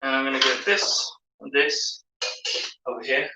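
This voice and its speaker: A man's voice: mid-range voice, little pitch movement, measured pace, distant mic, heavy background noise. A man hosting a casual live stream from his home bar, chatting as he explains a cocktail step by step. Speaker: host and bartender. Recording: echoey room, off-mic.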